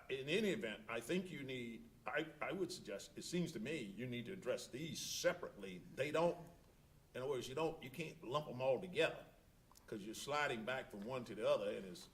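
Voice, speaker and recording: A man presiding as an appellate judge, questioning a lawyer in court. His voice sits at a middle pitch. He thinks aloud, restarting sentences as he works through a point.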